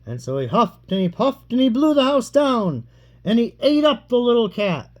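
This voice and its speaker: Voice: mid-range voice, normal speed. Playful adult reading a bedtime story. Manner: playful, teasing, lively storytelling. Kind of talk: reading a fairy tale aloud to a child.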